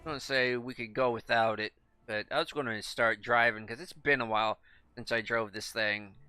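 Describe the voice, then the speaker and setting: A gaming video creator gives casual commentary on his play, thinking aloud and rambling with plenty of fillers and restarts while talking with his mouth full. His medium-pitched voice is steady, sharp and smooth, a little fast, and the recording is dry.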